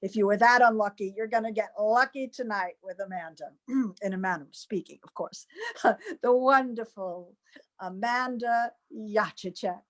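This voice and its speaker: A woman's voice: medium pitch, a little fast. A woman hosting a variety show, introducing performers with effusive, gushing praise. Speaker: host and curator.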